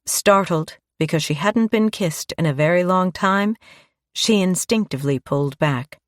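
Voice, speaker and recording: A woman narrating an audiobook in a calm, even storytelling manner. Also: fairly low pitch, moderate pace, dry recording, clean studio sound. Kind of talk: scripted narration.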